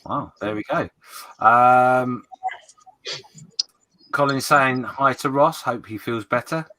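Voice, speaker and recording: A man hosting a casual livestream, chatty and quick to laugh as he reads out viewer comments. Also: medium pitch, pushed and bright, no echo. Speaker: livestream host.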